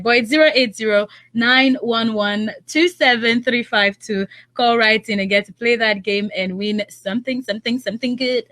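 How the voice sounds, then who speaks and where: A young Nigerian woman hosting a live radio call-in game, teasing callers, laughing often, and reading phone numbers out slowly. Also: fairly high pitch, bright, forceful tone.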